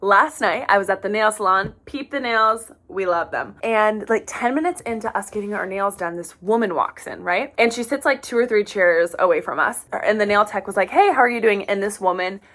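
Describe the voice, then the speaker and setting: A woman in her thirties tells a casual storytime to her camera, animated and full of fillers. She has a mid-range voice and sounds freshly sweaty from a workout class. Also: mid-range voice, normal speed, hardly any pauses. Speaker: vlogger.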